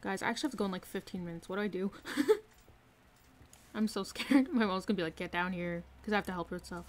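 A woman streaming a game live from her room, excitedly commenting and repeating herself with hyped exclamations. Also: medium pitch, rapid-fire, a little hiss or hum. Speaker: gaming streamer.

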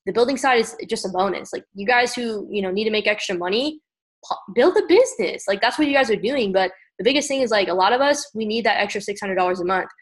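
A woman leading an online group call with a motivational pep talk, energetic and at times tearful, often calling everyone guys. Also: mid-range voice, fast talker. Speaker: team leader on a group call.

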